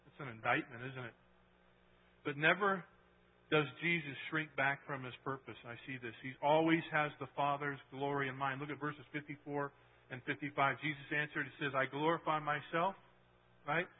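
A man preaching a sermon in a casual, conversational way, often asking the congregation "right?" and moving between loud bursts and hushed lines. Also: on the high side, steady tone, normal speed, breathy edge. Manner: swings from loud to hushed for emphasis. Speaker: pastor. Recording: tinny phone-like sound.

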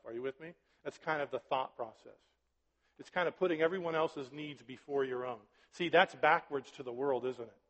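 Guy preaching in church, kinda high voice, chatty, long echo, bit muffled. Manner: conversational preaching, frequent "right?" and "are you with me?". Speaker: pastor. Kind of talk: sermon. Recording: dull recording with long hall reverb.

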